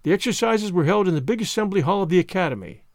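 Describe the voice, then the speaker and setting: Expressive man reading a classic story. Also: high-pitched, quick pace, vocal fry, no room sound, clean studio sound. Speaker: audiobook narrator.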